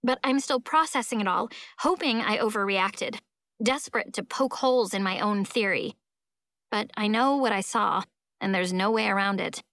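A woman reading a first-person audiobook aloud, telling the story in an expressive, emphatic way. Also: mid-range voice, moderate pace, dry recording, studio quality. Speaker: audiobook narrator.

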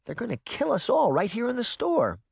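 A man voicing an anxious, practical young girl who talks quickly and fretfully in a storybook reading. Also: mid-range voice, very animated, dry recording, studio quality, natural voice. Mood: alarmed.

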